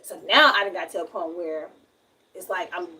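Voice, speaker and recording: A woman's voice: fairly low pitch, moderate pace, pushed and bright, distant mic, a little hiss or hum, poor audio. A young woman with a Southern US accent, from Alabama, talking frankly and at length in a casual livestream. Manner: frank, rambling, emphatic.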